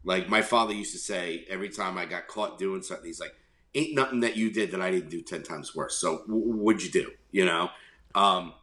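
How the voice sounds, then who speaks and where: Deep, fairly quick, pushed and bright, this middle-aged New York man's voice fills an echoey room. Co-hosting a podcast, he chats casually through a rambling story, swearing without restraint and imitating voices.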